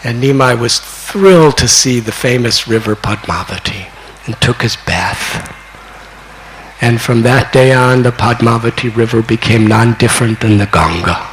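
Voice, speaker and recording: An older man in his sixties, a spiritual teacher telling a devotional story in a slow, deliberate way that climbs to excited peaks. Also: medium pitch, slight background noise, poor audio. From United States. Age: 60s.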